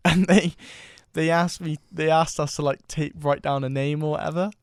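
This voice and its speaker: A man's voice: on the high side, moderate pace, dry recording, studio quality. A young man co-hosting a podcast, telling an awkward story with lots of laughter. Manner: laughing, animated anecdote teller. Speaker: podcast co-host. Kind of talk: casual chat. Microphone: studio mic.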